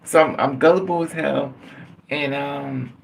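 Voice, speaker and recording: Man, gravelly voice, rambling and chuckling, casual live-stream storytelling, mic set away from him. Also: on the high side, steady tone, unhurried, slight background noise. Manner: rambling, chuckling, restarting phrases. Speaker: livestream host. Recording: distant mic.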